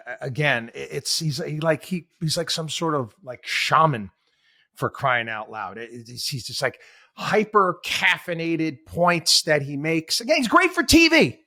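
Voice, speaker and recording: A man's voice: fairly high pitch, bright, forceful tone, no room sound, studio quality. A man hosting a talk show, giving sarcastic, exasperated commentary full of rhetorical questions. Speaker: host. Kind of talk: opinionated talk radio commentary.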